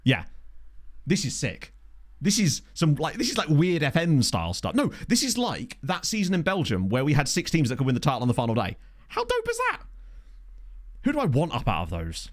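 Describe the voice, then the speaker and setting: Man, excitable live game commentary, animated pitch, chatty. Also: a little fast. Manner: excitable, chatty, thinks aloud. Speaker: video game streamer.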